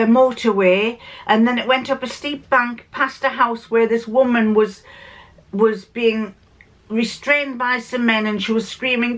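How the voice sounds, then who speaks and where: A woman's voice: on the high side, fairly bright tone, low-quality recording. Older woman, vlogger, rambling storyteller, chatty and unscripted. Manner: rambling and anecdotal, with frequent restarts. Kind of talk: chatty vlog monologue.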